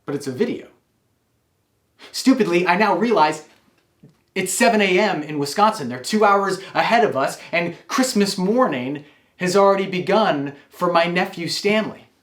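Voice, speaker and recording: A man's voice: high-pitched, expressive, moderate pace, a bit bright, roomy sound. A man telling a wry, confessional personal story.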